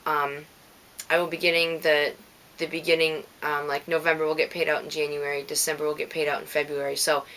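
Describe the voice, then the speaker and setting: A woman's voice: low-pitched, level tone, fairly quick, fairly bright tone. Chatty woman with a Minnesota accent. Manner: chatty, rambling, thanks listeners by name. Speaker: knitting podcast host. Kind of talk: casual chat.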